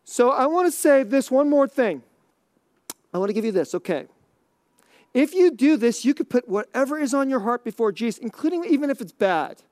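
High-voiced chuckling male preacher. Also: expressive, moderate pace, no room sound, clean studio sound. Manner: conversational, chuckling often, drops to a hush on key lines. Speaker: pastor. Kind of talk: sermon.

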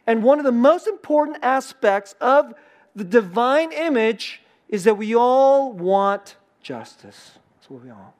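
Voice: mid-range voice, very animated, unhurried. A pastor giving a sermon in a conversational way, laughing often and repeating key phrases for emphasis. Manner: acts out short quoted lines in a changed voice.

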